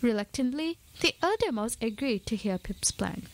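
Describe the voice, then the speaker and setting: A woman narrating a children's story in an expressive, lively way. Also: fairly high pitch, moderate pace, slight background noise, low-quality recording.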